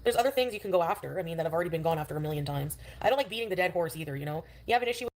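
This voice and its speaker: A woman talks casually on a livestream and rambles defensively through lots of fillers. Her voice sits a little low, and she speaks quickly. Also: lively intonation, a little mellow.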